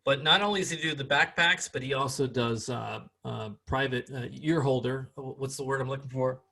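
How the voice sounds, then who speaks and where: A man hosting a podcast, talking in a loose, rambling way. He stays upbeat and often stops to hunt for the right word. His voice sits at a middling pitch for a man. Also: brisk, vocal fry, pushed and bright. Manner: rambling, upbeat, gropes for words. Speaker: podcast host. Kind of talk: casual chat.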